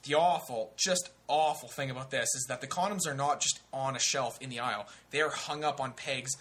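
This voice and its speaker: A young man telling a story on a comedy talk show in a casual, animated, profane way. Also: mid-range voice, brisk. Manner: animated, profane, acts out other people's voices.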